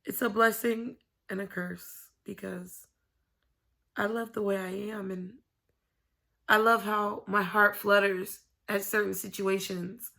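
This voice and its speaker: A woman's voice: mid-range voice, little pitch movement, takes it slowly, gravelly, pushed and bright. A woman vlogging to camera from home, talking in a candid, rambling way and swearing freely. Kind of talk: casual confessional chat to camera.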